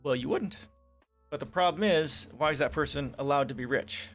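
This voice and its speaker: A man's voice: on the high side, moderate pace, fairly bright tone, faint music behind. Profane ranting man streamer. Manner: profane, sarcastic, reads articles aloud and rants. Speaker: livestream host. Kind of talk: casual political commentary stream.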